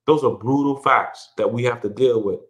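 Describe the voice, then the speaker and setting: A middle-aged man with a mid-range voice talks at normal speed as an earnest podcast guest in a reflective, conversational interview. He repeats and restarts words often, and his voice goes up whenever he stresses a point.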